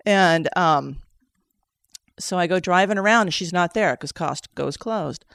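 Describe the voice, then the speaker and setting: A woman's voice: fairly low pitch, normal speed, vocal fry, a bit bright, no room sound, clean studio sound. A woman telling an emotional personal story, quoting herself and others as she goes. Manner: tears up while telling it. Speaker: session participant sharing a story.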